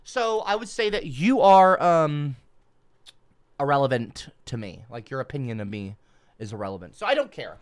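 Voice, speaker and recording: A man's voice: medium pitch, very animated, normal speed. A man hosting a livestream, delivering a profane, sarcastic rant at his chat, stumbling and restarting often. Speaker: livestream host. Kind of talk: mocking comedic livestream rant.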